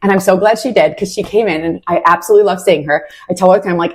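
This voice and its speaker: Woman, young adult, husky voice, casual heartfelt faith testimony, filler-heavy talk. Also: fairly low pitch, very fast. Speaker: Christian podcast host.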